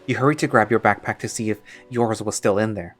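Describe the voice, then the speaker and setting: A man reading a story aloud as narrator in a plain, steady second-person voice. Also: lowish voice, fairly quick, faint music behind.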